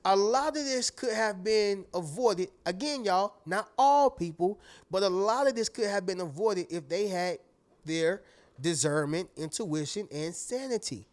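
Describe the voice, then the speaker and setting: A man's voice: high voice, animated, unhurried. A man giving a conversational motivational talk to his viewers, repeating key phrases for emphasis and calling them "y'all" and "family". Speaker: motivational speaker.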